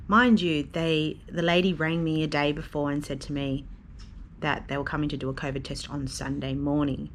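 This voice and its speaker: A woman's voice: low-pitched, little pitch movement, normal speed, a little hiss or hum. A woman vlogging casually from a hotel room, chatty and venting with plenty of fillers, recorded on a phone or camera mic. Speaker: vlogger and mother. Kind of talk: casual vlog chat to camera.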